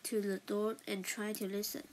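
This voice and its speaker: A woman with a Chinese accent repeating each line of a story after a reader to practice her English, quiet and careful, with small slips. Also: medium pitch, flat delivery, moderate pace, a crowd in the background. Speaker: English learner. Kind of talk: shadowing reading practice.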